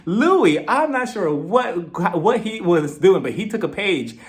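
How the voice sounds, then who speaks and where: A gossipy man chatting through a reality TV recap in a fairly high voice. His pitch swings up and down as he dishes and laughs along with his own jokes. He keeps it casual and animated. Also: slow. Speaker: TV show reviewer.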